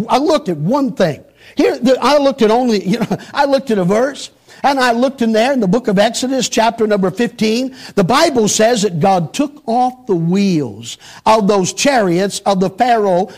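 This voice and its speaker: A middle-aged man preaching a sermon emphatically, repeating phrases for stress and climbing sharply on rhetorical questions. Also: high voice.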